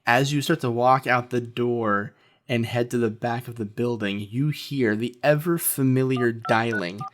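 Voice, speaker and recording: A man's voice: medium pitch, a little slow. A man narrating as game master in a loose, joking style. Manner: loose, joking, laughs often. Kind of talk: narrating a comedic tabletop game.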